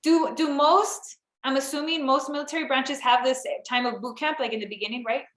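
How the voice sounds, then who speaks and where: A woman's voice: high-pitched, fairly even intonation, a little fast. A woman podcast host chatting casually with a guest. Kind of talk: casual chat. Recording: echoey room.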